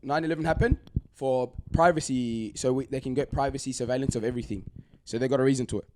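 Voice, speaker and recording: A man's voice: medium pitch, fast talker, noisy background. A young man co-hosting a podcast, telling stories in casual chat and calling everyone "bro". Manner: animated storyteller, peppers talk with "bro". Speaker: podcast co-host.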